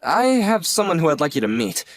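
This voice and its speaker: A young man playing a newly engaged nephew who is earnest and gently apologetic. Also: fairly high pitch, big pitch swings, fairly quick, no echo. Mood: hesitant. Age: young adult. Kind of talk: scripted dialogue drama.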